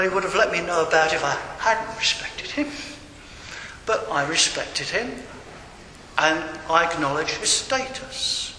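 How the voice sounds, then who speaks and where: Older man, sermon, bright sharp voice, long hall reverb. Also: on the high side. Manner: conversational, digressing, wry asides. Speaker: preacher. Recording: echoey hall with faint room noise.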